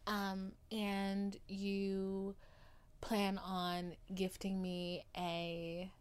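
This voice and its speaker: A woman's voice: medium pitch, completely flat delivery, very slow, clean tone. A young woman podcast host, tired and loopy, chatting in a playful, overdramatic, rambling way. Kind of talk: casual chat.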